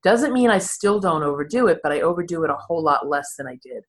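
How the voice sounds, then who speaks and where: A woman's voice: sits low, expressive, quick pace. A woman in her sixties, a therapist, telling her own story candidly in an interview and laughing at herself along the way. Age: 60s. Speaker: therapist and podcast guest.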